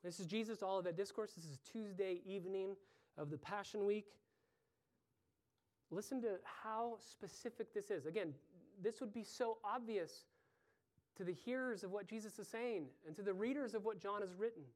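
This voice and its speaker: A man's voice: high voice, normal speed, a little mellow. A man preaching an earnest sermon as pastor, building to pleading emphasis.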